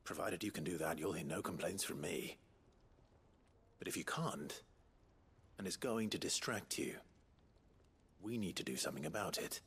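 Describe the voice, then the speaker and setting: A deep, husky warrior hero. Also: male voice, normal speed, long pauses, full character voice. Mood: firm. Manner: calm, firm. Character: stern weary male warrior hero.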